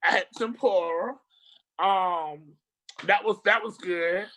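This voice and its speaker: Slow-talking, rambling casual storyteller. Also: mid-range voice. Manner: rambling, animated storytelling with slang and swearing. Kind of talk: casual chat.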